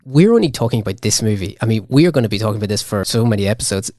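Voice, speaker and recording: A man's voice: on the low side, animated, racing, warm tone, no room sound. Rambling male podcast co-host. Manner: rambling, many restarts, laughs often. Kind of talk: casual debate chat.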